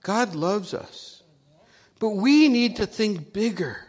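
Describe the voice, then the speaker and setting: A male pastor reading scripture aloud and preaching, in an emphatic, dramatic way that swings between loud rises and soft drops. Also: sits high, expressive, slow pace, faint music behind.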